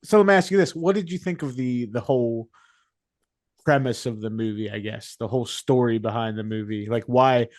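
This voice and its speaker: A man's voice: mid-range voice, a little fast, a little mellow, no echo, clean studio sound. A man co-hosting a podcast, easygoing and chuckling, often trailing off mid-thought. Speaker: podcast co-host. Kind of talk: casual movie-review chat.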